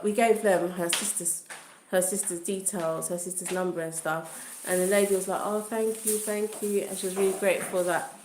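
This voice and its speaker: A woman's voice: fairly low pitch, a little mellow. A woman telling a casual story on a livestream, chatty and full of asides like "do you know what I mean.". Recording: echoey room.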